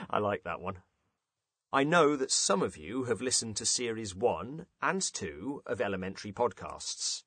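A man hosting a podcast for English learners, reading out listeners' jokes with lively, amused storytelling. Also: fairly low pitch, husky, dry recording. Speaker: podcast host.

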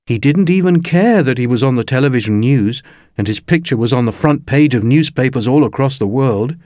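A man reading a children's story aloud in an expressive, playful way. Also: mid-range voice, no room sound, studio quality. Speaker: narrator.

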